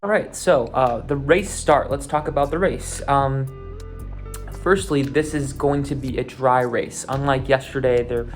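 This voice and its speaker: A man at an ordinary middle pitch recaps a race in a relaxed, rambling way, full of "uh" and restarted phrases. He talks like a casual host chatting to his listeners. Faint guitar music plays underneath. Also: unhurried. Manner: relaxed, loose, many fillers and restarts.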